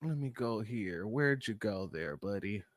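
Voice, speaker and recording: A man's voice: lowish voice, lively intonation, unhurried, no echo, clean studio sound. A man hosting a casual political commentary show, emphatic and talking straight to his viewers as family.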